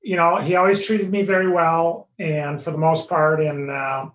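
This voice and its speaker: A man's voice: fairly high pitch, little pitch movement, normal speed, fairly bright tone. A middle-aged man speaking as a podcast guest in hesitant casual talk, full of fillers. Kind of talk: casual chat. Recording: roomy, dull remote audio.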